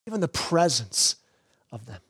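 Male pastor, higher-pitched voice, earnest sermon delivery with frequent restarts. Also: big pitch swings, vocal fry, fairly bright tone, slightly rough. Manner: earnest preaching with repeated restarts, slows for emphasis.

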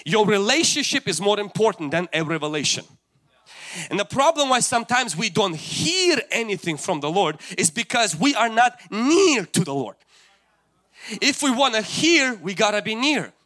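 Fervent, high-voiced male preacher. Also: big pitch swings, normal speed, a bit bright. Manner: fervent, emphatic preaching with direct address. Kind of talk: sermon.

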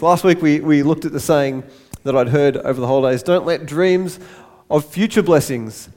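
A man's voice: fairly high pitch, darkish tone. A man pastor giving a sermon in church, light-hearted, with self-deprecating asides.

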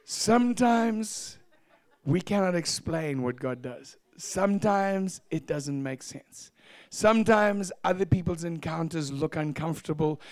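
Male pastor, high voice, animated storyteller who acts out the scenes, dry close sound. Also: no echo. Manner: animated storytelling, acting out shouts and laughter. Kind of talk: testimony sermon.

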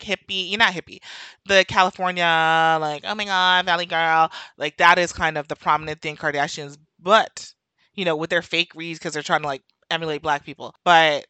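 A podcast host with a New York accent, talking in a chatty, animated monologue that wanders off on tangents. Her voice sits on the low side for a woman but comes across forceful and bright. The recording is dry and close to the mic. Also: dry recording. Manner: animated, chatty, goes on tangents, laughs often. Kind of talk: casual opinion monologue.

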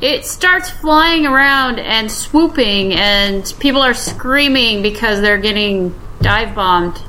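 A woman's voice: a little high, expressive, slow pace, bright, forceful tone, slight background noise, rough recording. A woman in casual chat at a tabletop game, asking lots of questions about her character's options. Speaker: player.

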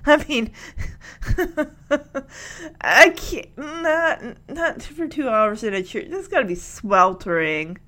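Brief: high, animated woman, rambling episode recap, laughs a lot. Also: takes it slowly, pauses often. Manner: chatty, rambling, laughs often. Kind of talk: casual chat recapping a TV episode.

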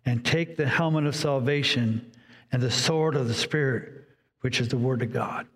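Man preaching in a reverberant hall. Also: medium pitch. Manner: preaching with dramatic pauses, voicing inner dialogue. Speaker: pastor. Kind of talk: sermon.

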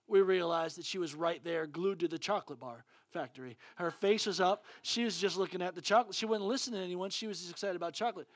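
A man preaching a sermon as pastor, telling stories in a casual, slangy way and loudly acting out the dialogue. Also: high-pitched, fast talker, dry recording, clean studio sound.

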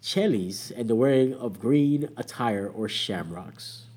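A man's voice: mid-range voice, animated, takes it slowly, darkish tone, slight background noise. A man in his thirties co-hosting a podcast, chatting casually and arguing his opinions with emphasis. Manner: opinionated, emphatic, laughs often. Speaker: podcast co-host. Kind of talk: casual chat.

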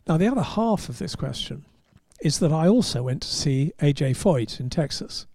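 A man, a podcast host and motoring journalist, telling an anecdote in an animated way and chuckling at his own punchlines. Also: on the high side, normal speed, no echo, studio quality. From England. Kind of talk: anecdotal storytelling.

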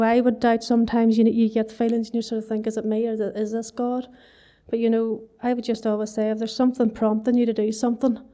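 A woman's voice: fairly high pitch, warm tone. A woman with a Northern Irish accent giving a personal testimony in church, telling her story earnestly with plenty of "you know" fillers.

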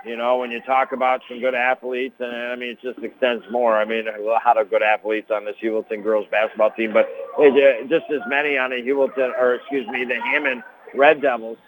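A middle-aged man with an Upstate New York accent calling high school basketball play-by-play, brisk on the action and chatty between plays. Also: phone-quality sound, a little hiss or hum. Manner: brisk call with rising excitement on big plays; chatty asides with fillers. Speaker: play-by-play commentator. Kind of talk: local sports play-by-play.

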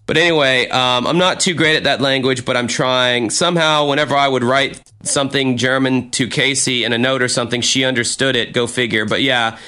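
A man's voice: mid-range voice, fairly even intonation, brisk, few pauses, sharp tone, clear, resonant tone. A young American man reading his old journal aloud with a friend, self-mocking and swearing freely. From United States. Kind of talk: casual chat reading aloud.

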